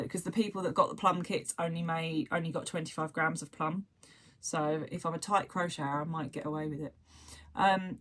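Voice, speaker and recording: A woman with a southern English accent talks in a relaxed, rambling way, hopping from one thought to the next. Her voice sits a little on the low side. She speaks like a host chatting casually to her regular viewers. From southern England. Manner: chatty, rambling, self-described waffler. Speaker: crochet livestream host. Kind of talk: casual chat.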